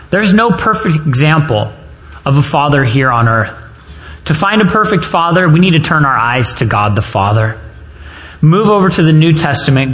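A man's voice: a little high, a bit bright. Earnest man preaching a sermon. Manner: earnest storytelling, personal anecdotes.

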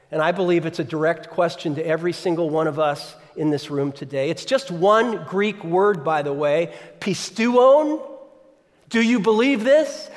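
A high-voiced pastor preaches a sermon in a conversational way, asking the congregation questions. The large hall gives his voice a long reverb.

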